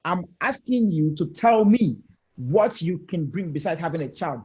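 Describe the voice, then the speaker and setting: A man's voice: a little high, lively intonation, normal speed, darkish tone, lo-fi sound. A man arguing his point on a video panel discussion, emphatic and direct, often repeating phrases and challenging listeners. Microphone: video call.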